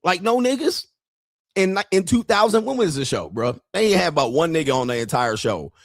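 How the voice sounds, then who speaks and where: Brash, animated male streamer, dry sound. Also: a little high, a little fast, no echo. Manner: brash, profane and rambling, with frequent laughter; talks straight to viewers. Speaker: live-stream host. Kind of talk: casual live-stream commentary.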